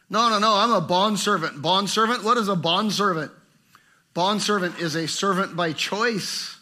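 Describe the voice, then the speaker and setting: A middle-aged man preaches with fervor, his voice bright and a touch high. He swings from ringing emphasis to hushed, tender lines. The delivery is heartfelt and driven. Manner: passionate, swinging between fervent and hushed. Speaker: pastor. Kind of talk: sermon.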